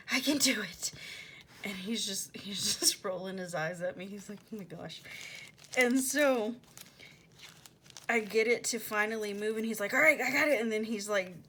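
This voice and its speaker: A woman's voice: mid-range voice, slight background noise. A young woman vlogger chatting casually at home, animatedly retelling a story with lots of "like" and quoted back-and-forth. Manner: drops to a soft near-whisper while working. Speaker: planner vlogger. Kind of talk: casual storytelling while decorating a planner.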